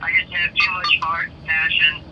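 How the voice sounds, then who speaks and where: An enthusiastic man in his sixties talks over a call, stumbling and restarting as he tells his story. His voice is a touch high, the line sounds dull and muffled, and there is clear noise behind him. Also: flat delivery, moderate pace. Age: 60s. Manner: eager, talkative, stumbles and restarts. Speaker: caller, rideshare driver. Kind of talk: casual phone-in chat.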